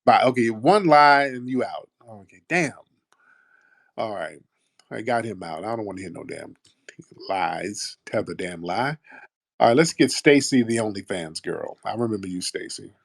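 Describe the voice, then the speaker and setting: Guy hosting a call-in show, lowish voice, mocking, keeps repeating himself, dry close sound. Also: expressive, normal speed, vocal fry, dry recording. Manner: mocking, repetitive, confrontational. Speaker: host. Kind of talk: comedic call-in radio talk.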